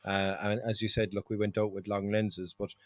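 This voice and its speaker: A man's voice: fairly low pitch, normal speed, dry recording. Irish man telling trip stories. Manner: storytelling, animated, laughs often. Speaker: podcast host. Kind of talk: casual chat.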